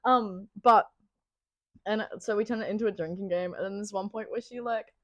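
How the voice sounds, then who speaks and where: A woman co-host chatting casually on a podcast, full of giggles and swearing as she spins a story. Her voice sits at a middling pitch and sounds dry and close. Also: moderate pace, no echo, muffled recording. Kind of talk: casual chat.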